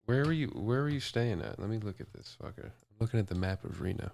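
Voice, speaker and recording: A man's voice: on the low side, lively intonation, fast talker, gravelly, darkish tone. A man co-hosting a casual podcast, chiming in with short, dry reactions and questions. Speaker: podcast co-host. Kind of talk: casual chat.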